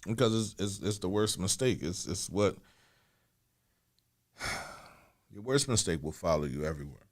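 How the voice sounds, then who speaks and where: A man's voice: sits low, animated, a little slow, long pauses. A man in his forties co-hosting a candid podcast conversation, talking in a loose, slangy way and often repeating himself as he thinks aloud. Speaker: podcast co-host.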